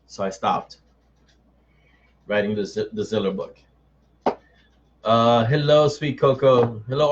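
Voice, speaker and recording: A man's voice: medium pitch, muffled recording. A middle-aged man, an author hosting a casual live-stream chat, answering viewers by name in a chatty, self-mocking way.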